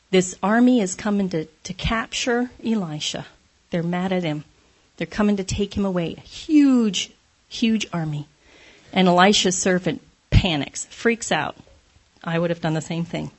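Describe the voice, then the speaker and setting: With a low, slightly rough voice, a woman gives a conversational devotional talk. She is candid and self-deprecating and laughs often as she speaks.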